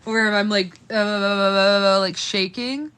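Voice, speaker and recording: A woman's voice: mid-range voice, steady tone, drawn-out words, a bit bright, clean tone. A young woman livestreaming casually to her viewers, shaky and in pain, laughing nervously and swearing through it. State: trembling, in pain.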